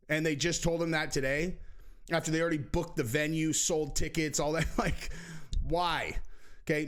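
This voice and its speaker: A man's voice: fairly high pitch, fairly bright tone. A man giving casual commentary, sarcastic, often acting out other people's lines in changed voices. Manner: sarcastic, acts out quotes with shifting voices.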